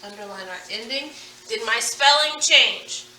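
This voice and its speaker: Bright high-voiced woman teaching phonics. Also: recorded from a distance, a little hiss or hum. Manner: patient, drills words slowly and asks questions. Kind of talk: phonics lesson. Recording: echoey room, away from the mic.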